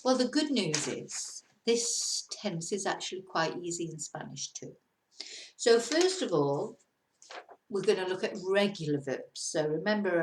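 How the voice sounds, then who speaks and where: A woman's voice: on the low side, a little hiss or hum. A woman teaching a casual video lesson, chatty and encouraging, now and then laughing at herself. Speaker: Spanish teacher. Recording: roomy echo.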